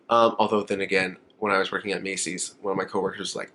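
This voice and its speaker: A man's voice: deep voice, level tone, quick pace, hardly any pauses, bright, forceful tone, a little hiss or hum. A young man chatting to camera in a makeup vlog, rambling, emotional and laughing often. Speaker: makeup vlogger. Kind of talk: casual chat to camera.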